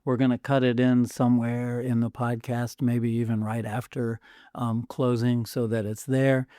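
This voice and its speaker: A man's voice: medium pitch, level tone, normal speed, dark tone, no room sound, studio quality. Emotional male podcast host. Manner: emotional, sincere, near tears. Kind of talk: casual podcast chat.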